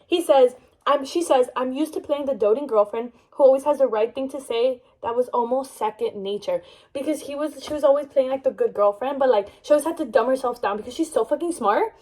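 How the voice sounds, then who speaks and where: A woman's voice: high-pitched, brisk, a little mellow, rough recording. A young woman vlogger chatting about a book she loves, gushing and rambling with lots of fillers and restarts. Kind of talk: casual book review chat.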